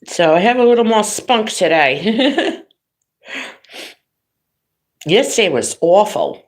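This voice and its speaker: A middle-aged woman hosts a casual livestream and spins family stories. She laughs easily, and her voice stays very lively, with a medium pitch. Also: takes it slowly. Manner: chatty storytelling, laughs often. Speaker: livestream host. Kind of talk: casual chat.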